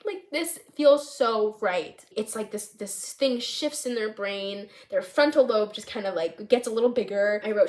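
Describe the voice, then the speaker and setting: Animated young woman telling a story. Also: medium pitch, moderate pace, few pauses. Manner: animated storytelling, many "like" fillers. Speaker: vlogger writing a film script. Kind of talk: casual chat.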